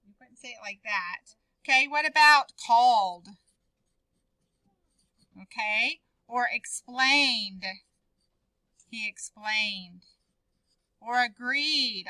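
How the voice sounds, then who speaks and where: A woman's voice: medium pitch, extremely slow, long pauses, bright, forceful tone, no room sound, rough recording. A woman teaching a writing lesson to a class, calling on students by name and encouraging them.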